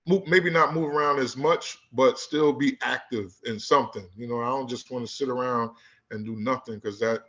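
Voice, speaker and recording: Laid-back basketball coach from Newark. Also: male voice, medium pitch, fairly even intonation, normal speed, fairly bright tone, muffled recording. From Newark, New Jersey. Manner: laid-back street talk, lots of "you know what I'm saying". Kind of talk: casual storytelling in a conversation.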